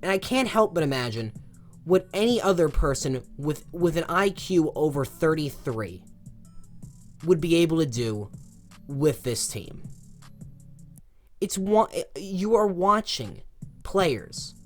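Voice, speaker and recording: A young man giving a passionate, exasperated opinion rant as a sports commentator, swinging between loud outbursts and low muttering. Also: sing-song, slow pace, long pauses, soft background music.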